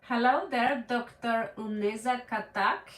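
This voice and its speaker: A woman's voice: fairly high pitch, steady tone, measured pace, fairly bright tone. A woman from Norway giving a live tarot reading, chatty and laughing often, calling viewers by name. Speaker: tarot reader. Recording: roomy echo, distant mic.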